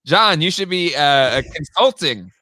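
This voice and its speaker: A man in casual conversation as a podcast co-host, with a bright, forceful voice. His pitch swings widely as he talks, and the sound is dry, with no room around it. He reads out listener comments along the way. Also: unhurried, dry recording. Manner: animated, jumps high in pitch when exasperated. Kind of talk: casual chat.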